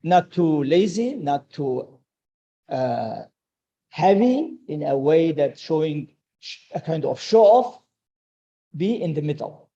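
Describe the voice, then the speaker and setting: A man's voice: fairly high pitch, very animated, slow, warm tone, highs cut off. A man giving an earnest sermon-like talk at a religious study circle, repeating his key advice, with a delivery.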